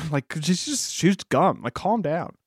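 A man co-hosting a casual chat, recapping in a loose, laughing way and swearing now and then. His pitch moves around a lot. The sound is close and dry. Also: big pitch swings, a little slow, husky, no echo. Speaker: podcast co-host recapping a film.

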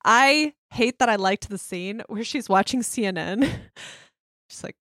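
A woman's voice: mid-range voice, animated, unhurried, pushed and bright, no echo, clean studio sound. A young woman co-hosting a casual podcast, laughing often as she recaps a movie plot and reads a summary aloud. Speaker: podcast co-host. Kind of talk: casual chat recapping a film.

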